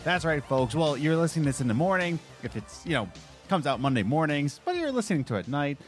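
Lively young man hosting a podcast. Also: fairly high pitch, fast talker, soft background music. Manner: animated, jokey storytelling with mimicked voices. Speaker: podcast co-host. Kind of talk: casual podcast chat.

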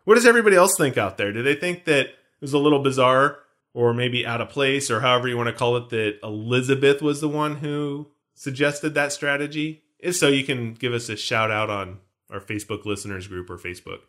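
A man's voice: mid-range voice, brisk, fairly bright tone. A man co-hosting a podcast, chatting casually about a film in a rambling, jokey, self-mocking way. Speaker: podcast co-host.

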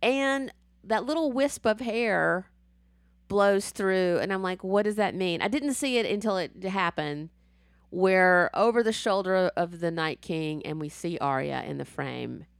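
Animated, swearing woman recapping a show. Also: lowish voice, unhurried, creaky, dry recording, studio quality. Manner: animated, swears freely, acts out scenes. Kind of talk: casual chat recapping a TV episode.

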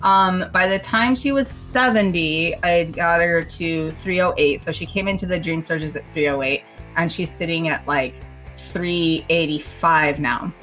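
A woman from Wisconsin co-hosts a casual gaming podcast, bubbly and chatty, peppering her talk with "like" and "dude" and laughing often. Her voice sits a bit low for a woman, with faint guitar music underneath. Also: a little slow, a bit bright. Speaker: podcast co-host. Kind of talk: casual chat.

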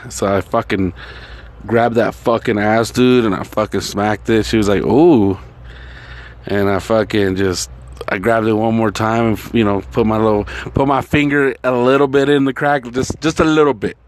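A man's voice: on the low side, steady tone, normal speed. A man casually telling a rambling personal story, swearing constantly and filling gaps with "like" and "you know". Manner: rambling, profane, heavy filler words.

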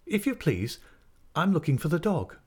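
A man's voice: on the high side, wildly swooping pitch, normal speed, slightly rough, pitched above the performer's own voice, full character voice. A man voicing a timid, anxious schoolboy who pleads meekly and politely.

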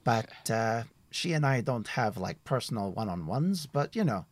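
A man voicing a friendly, talkative male woodsman who guides travelers, speaking in a raised, higher voice than his narration. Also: big pitch swings, moderate pace, no echo. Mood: genial.

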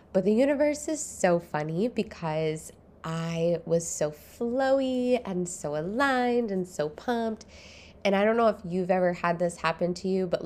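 A woman's voice: lowish voice, darkish tone, a little hiss or hum. A woman hosting her own podcast, talking from home in a chatty, rambling way and laughing often. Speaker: podcast host. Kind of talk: casual solo podcast monologue. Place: home, early morning.

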